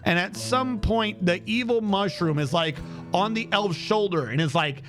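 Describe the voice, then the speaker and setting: A man's voice: high voice, lively intonation, normal speed, fairly bright tone, soft background music. A man streaming a game, chatting casually in a rambling, incredulous way, with lots of restarts and asides.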